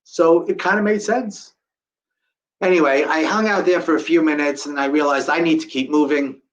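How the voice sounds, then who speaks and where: A man's voice: on the high side, steady tone, moderate pace, lo-fi sound. A middle-aged man giving a live storytelling talk to an audience, acting out the voices of the people in his story. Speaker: guest speaker telling a survivor story.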